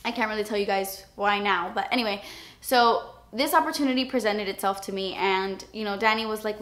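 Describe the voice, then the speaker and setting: A woman's voice: medium pitch, brisk, fairly bright tone. A young woman vlogger talking candidly and emotionally to camera in a casual confessional chat. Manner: emotional, candid, near tears at times. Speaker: beauty vlogger.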